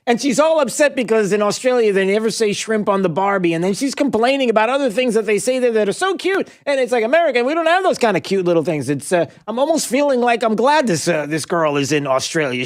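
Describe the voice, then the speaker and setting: A male radio talk show host rambling along in an animated way, full of fillers and restarts, in a studio. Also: high-pitched.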